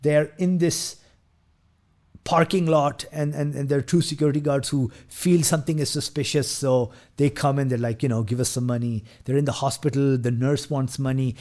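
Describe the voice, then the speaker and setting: A man's voice: mid-range voice, steady tone, normal speed, a little mellow. A man hosting a casual film review who retells scenes at length, with frequent fillers, restarts and quoted lines from the characters.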